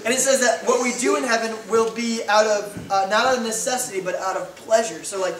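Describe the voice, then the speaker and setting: A man's voice: high-pitched, fairly quick, slight background noise. A man preaching a sermon as pastor, telling stories with playful voiced asides. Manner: animated storytelling with voiced asides. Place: church hall. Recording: echoey hall from far off.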